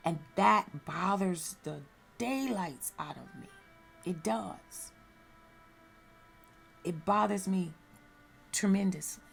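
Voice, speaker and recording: A woman's voice: mid-range voice, slow, gravelly, long pauses, husky, soft background music. A woman sharing a personal religious testimony, speaking earnestly and candidly and repeating phrases for emphasis.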